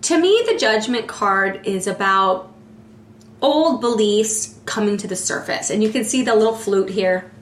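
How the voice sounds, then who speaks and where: A woman's voice: medium pitch, expressive, unhurried, a little hiss or hum. A woman giving a casual tarot reading in a chatty way, often filling with "like" and searching for words. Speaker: tarot reader. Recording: roomy echo.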